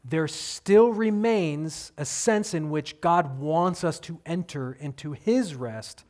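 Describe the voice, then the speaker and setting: A man preaching a sermon, telling a story with lively acted-out quotes and casual asides. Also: on the high side, slow. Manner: animated storytelling, acting out quoted voices. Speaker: pastor.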